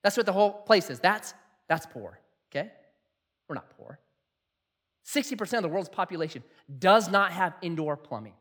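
A middle-aged man preaching a sermon in a jokey, animated way, acting out quotes. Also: high-pitched, normal speed, long pauses. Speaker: pastor.

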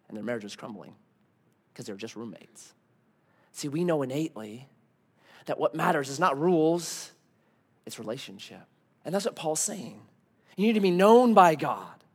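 A man's voice: medium pitch, lively intonation, moderate pace, long pauses, husky. A man preaching a sermon as pastor, conversational, telling stories and asking the congregation rhetorical questions.

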